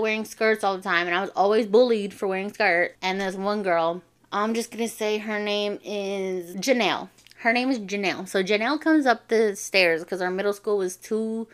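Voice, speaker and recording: A young adult woman from a Navajo reservation, telling a personal story in casual, slangy speech and swearing freely. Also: medium pitch. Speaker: vlogger.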